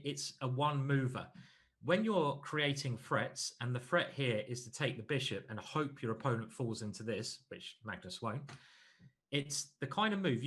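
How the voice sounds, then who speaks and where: A man commentating a chess stream in a relaxed, chatty way. He talks in a mid-pitched voice, moving from calm move-by-move analysis to friendly banter with the people watching. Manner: chatty, joking with viewers between analysis.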